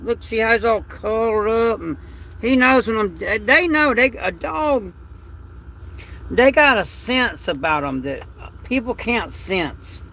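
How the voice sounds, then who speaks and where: A man's voice: sits high, big pitch swings, slow, sharp tone. A man, hosting a casual livestream chat from home at night, talking in a rambling, folksy and emotional way. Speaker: livestream host.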